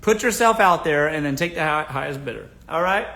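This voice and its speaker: Blunt, somewhat high-voiced male livestreamer. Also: expressive, fairly quick, vocal fry, pushed and bright. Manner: blunt, joking, calls his audience "folks". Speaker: livestream host answering viewer questions. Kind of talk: casual livestream advice chat.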